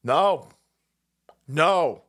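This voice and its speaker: A man in his forties hosts a livestream, ranting casually with lots of swearing, frequent laughter, and animated outbursts. His voice is fairly high in pitch, and he talks very slowly.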